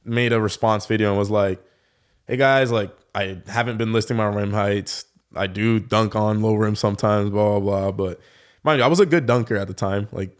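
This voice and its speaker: A young man talking in a casual podcast conversation, telling stories loosely with lots of "like" fillers. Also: on the low side. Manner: relaxed storytelling, many fillers like "like". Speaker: guest, professional dunker.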